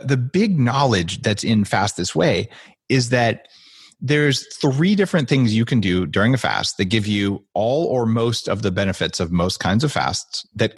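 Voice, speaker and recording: A man's voice: fairly low pitch, husky, no room sound, clean studio sound. A man talking as a podcast guest, playfully acting out the voices in people's heads as he explains. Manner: playful, acts out inner voices. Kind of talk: animated interview talk.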